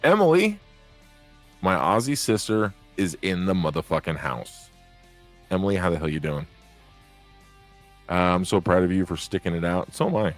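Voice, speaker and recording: A man with a very low, deep voice hosts a loose live podcast, talking candidly and swearing now and then as he answers viewers. Faint guitar music plays quietly behind him. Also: moderate pace, pauses often. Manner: rambling, candid, swears, talks straight to viewers. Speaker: podcast host reading live chat. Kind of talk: casual live-stream chat.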